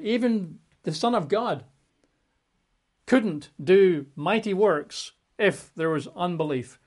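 Emphatic, slightly high-voiced male preacher. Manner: conversational, emphatic on key words, plays out quotes. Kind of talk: sermon, Bible teaching.

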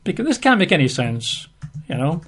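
A man's voice: fairly high pitch, sing-song, fairly quick, fairly bright tone, slightly rough. A man preaching a sermon, reading and retelling a Bible story with chuckles and chatty asides.

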